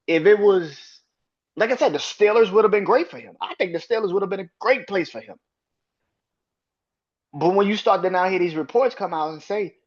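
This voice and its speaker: A man's voice: high voice, lo-fi sound. A man hosting a solo sports podcast, ranting with heated profanity and arguing back at imagined critics. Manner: emphatic, argues with imagined critics.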